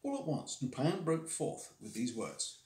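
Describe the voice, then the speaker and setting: A man reads a classic story aloud on a live stream, his voice a bit high and full of movement. He reads expressively and now and then trips over a difficult word. The recording has a roomy echo. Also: a little slow. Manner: expressive reading, stumbles over hard words.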